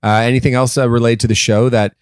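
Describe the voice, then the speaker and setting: An animated young man co-hosting a podcast, swearing freely and playing up mock outrage. His voice is mid-pitched and sits close on a dry, dead microphone with no room sound. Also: quick pace, smooth, dry recording. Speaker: podcast co-host. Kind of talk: casual podcast banter.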